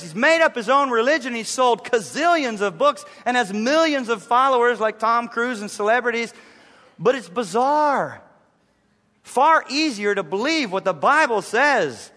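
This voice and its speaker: The setting is a big church sanctuary where a male pastor gives an emphatic sermon, repeating important lines and shifting down into a low, gripping hush.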